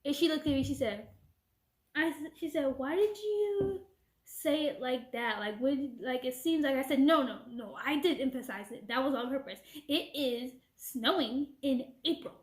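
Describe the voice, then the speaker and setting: High-voiced woman ranting in an echoey room. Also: moderate pace. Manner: animated retelling with quoted back-and-forth. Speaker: vlogger. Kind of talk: casual storytime rant.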